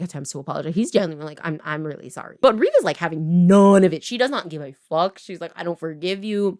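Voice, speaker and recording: A woman in her twenties from Canada, casually recapping a story in a chatty way full of fillers, briefly quoting characters as she goes. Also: fairly low pitch. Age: 20s. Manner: chatty, filler-heavy, lots of "like"; animated, quoting characters in quick voices. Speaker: writer and video creator.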